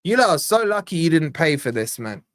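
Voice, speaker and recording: A young man from Scotland hosting a live fan watch-along, giving exasperated, chatty play-by-play and reading out viewer shout-outs. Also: on the high side, big pitch swings, fairly quick. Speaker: fan channel host.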